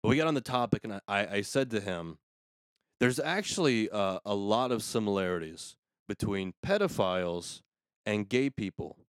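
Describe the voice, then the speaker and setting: A man's voice: on the low side, animated, moderate pace, no echo. Crude, ranting man on a podcast. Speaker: podcast host. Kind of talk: casual comedic rant.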